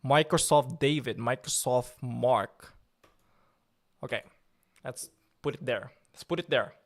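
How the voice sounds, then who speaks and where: Speaking slowly in a medium-pitched voice, a male livestream host chats casually with his viewers. Irritation colors his opening, but he makes himself calm down and joke around as he responds to their messages.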